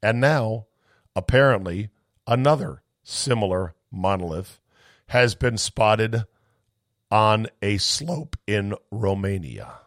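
A man hosting a podcast, ranting in a sarcastic, incredulous way and firing off rapid questions with some swearing. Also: lowish voice, a bit bright, no room sound, clean studio sound. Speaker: podcast host. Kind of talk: animated comic rant and chat.

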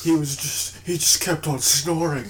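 A man's voice: on the high side, steady tone, normal speed, slight background noise. A young man, a podcast co-host, telling a rambling, jokey story in casual chat.

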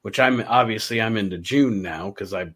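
A man's voice: lowish voice, moderate pace, a bit bright. A man on a podcast as guest, chatting casually in rambling, self-correcting asides. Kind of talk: casual chat.

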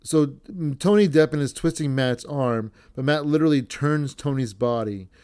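A man's voice: fairly high pitch, moderate pace, darkish tone, clean tone. A man hosting a podcast, recapping a match in a rambling, profane, self-correcting way. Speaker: podcast host.

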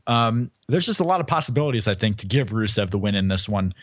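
A man's voice: fairly low pitch, expressive, fast talker, no room sound, studio quality. A man co-hosting a casual podcast, thinking aloud and hedging his predictions. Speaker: podcast co-host.

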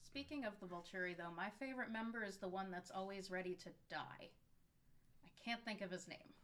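A woman's voice: medium pitch, fairly quick, a bit bright. A woman co-hosting a podcast, tossing in short, quippy remarks during casual chat.

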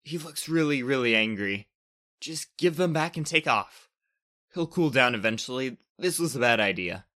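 Man doing a hushed worried sidekick. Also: medium pitch, expressive, moderate pace.

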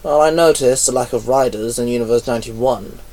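A man voicing a sly, scheming man who explains his plans calmly, a little off mic. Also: medium pitch, brisk, close to an everyday voice. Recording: voice a bit far from mic.

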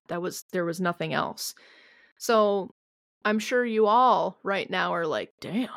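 A woman's voice: mid-range voice, creaky, dry recording, clean studio sound. A woman co-hosting a podcast in a casual, hesitant way, with many filler words and some mild swearing. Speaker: podcast co-host. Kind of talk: casual chat.

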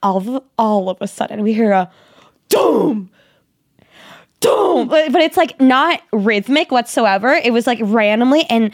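A young woman co-hosting a podcast, telling a story in lively casual chat and acting out quotes with squeals. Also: a little high, normal speed, hardly any pauses, no room sound, studio quality. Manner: animated, acts out quotes in a squealing voice. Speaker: podcast co-host.

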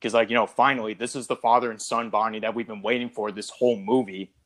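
A man's voice: lowish voice, steady tone, fast, a bit bright. A man co-hosting a casual podcast about a film, talking it through and acting out character lines in a raised voice. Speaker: podcast co-host. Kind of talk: casual movie discussion.

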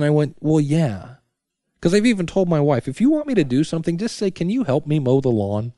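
A man's voice: on the high side, warm tone, no echo, clean studio sound. A middle-aged man hosting a casual solo podcast from his basement, chatty and full of restarts and self-talk asides. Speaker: podcast host. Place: home basement. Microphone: studio microphone.

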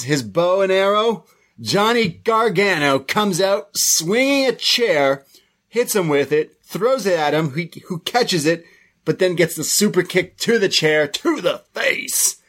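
Animated man recapping wrestling. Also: high-pitched. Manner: animated recapping with acted-out quotes. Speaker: wrestling podcast co-host. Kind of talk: casual chat.

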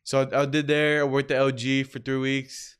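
A young man telling laid-back, slangy stories about work in a casual chat, with loud shouted impressions now and then. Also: medium pitch, completely flat delivery, moderate pace, smooth. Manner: slangy, laid-back storytelling, says bro a lot.

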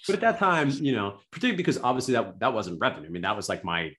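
A man telling his story as a podcast guest, animated and enthusiastic, self-deprecating, full of "like" and "right?". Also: on the low side, racing. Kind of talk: casual storytelling interview.

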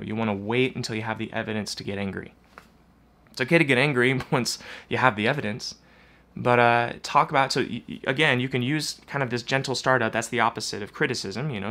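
A man's voice: mid-range voice, a bit bright. A man giving casual relationship advice, acting out both partners in imagined arguments, with earnest fillers and restarts. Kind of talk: casual advice monologue with acted examples.

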